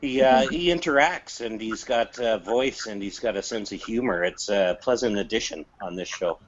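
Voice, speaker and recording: A man's voice: on the low side, normal speed, crowd noise. A man who is a regular on a chat show, teasing the hosts with dry sarcasm. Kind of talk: casual chat. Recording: dull lo-fi recording.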